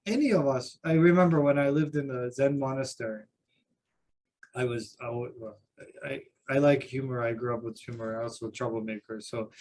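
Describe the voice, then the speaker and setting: A man with a medium-pitched voice, speaking in a group discussion at a seminar. He teaches Buddhism and tells anecdotes at length. He pokes fun at himself as he goes. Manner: anecdotal, self-deprecating storytelling.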